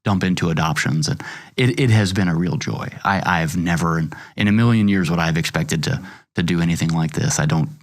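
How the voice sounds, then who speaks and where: A middle-aged man, a podcast host, talking in a halting, earnest way, often repeating words as he thinks. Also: deep voice. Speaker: podcast host and magazine founder. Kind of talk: casual chat.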